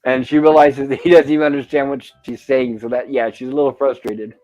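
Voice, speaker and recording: A man's voice: medium pitch, little pitch movement, a little fast, darkish tone, lo-fi sound, faint music behind. A man hosting a casual commentary on an old TV episode, describing the scenes and reading quoted lines aloud. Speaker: show host.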